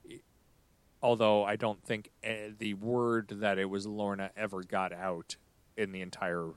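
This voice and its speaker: A man co-hosting a podcast in relaxed, hesitant casual chat. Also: fairly low pitch, a little slow, clear, resonant tone, dry recording. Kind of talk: casual chat about an audio drama.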